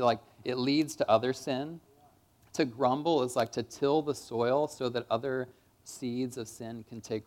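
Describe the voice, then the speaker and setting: A man preaching a sermon in a church, in a casual, conversational way with lots of "kind of" and "like.". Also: medium pitch.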